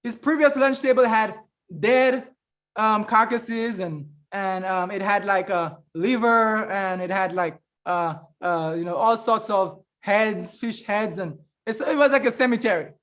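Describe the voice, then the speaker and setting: Guy with a really high voice preaching about health, keeps calling everyone friends, lots of restarts. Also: unhurried, a bit bright. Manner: fervent, repeatedly addresses listeners as friends; rambling with frequent restarts and fillers. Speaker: health evangelist and remedies trainer. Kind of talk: preaching-style health talk.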